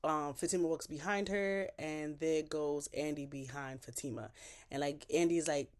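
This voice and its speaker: A woman with a fairly low voice recaps a TV episode in casual chat. She talks in an animated way, full of slang and swearing, and she is close to the mic. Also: moderate pace. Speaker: TV show recapper.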